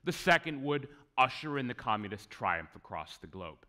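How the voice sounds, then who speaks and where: A man giving a conference lecture on history, conversational and wry, with asides to the audience and swinging emphasis. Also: moderate pace. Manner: lively, swinging pitch for emphasis. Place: conference hall.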